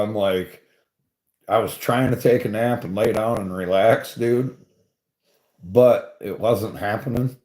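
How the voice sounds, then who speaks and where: A man's voice: fairly low pitch, darkish tone. A man telling a rambling, profane story in casual chat, laughing often and swearing freely. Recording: roomy echo.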